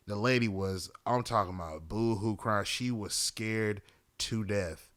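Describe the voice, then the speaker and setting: A man's voice: fairly low pitch, unhurried, a bit bright, no echo. Rambling male podcast host, dry sound. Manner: rambling, repeats "you know what I'm saying", swears freely. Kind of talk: casual chat, monologue.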